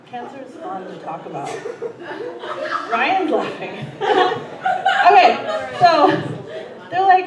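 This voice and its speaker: A woman's voice: sits high, sing-song, a little slow, distant mic, lo-fi sound, a loud crowd. Profane woman doing stand-up from afar. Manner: profane, self-deprecating, laughing through stories. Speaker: stand-up comedian. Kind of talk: stand-up comedy set. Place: comedy theater stage. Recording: roomy hall, heard from afar, noisy.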